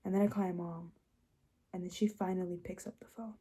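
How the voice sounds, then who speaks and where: Young woman giving a halting, emotional testimony. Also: steady tone, breathy edge. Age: young adult. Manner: emotional, halting, many restarts and fillers; swings between soft low passages and louder rises. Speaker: host. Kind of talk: personal testimony.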